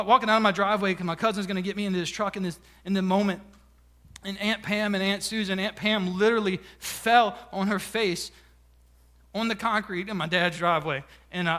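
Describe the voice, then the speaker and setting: A young male pastor, preaching a sermon and telling a personal story in an animated, filler-heavy way, closing in a softer, earnest voice. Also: sits high. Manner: animated storytelling, many fillers, quiet emphatic close. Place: church sanctuary.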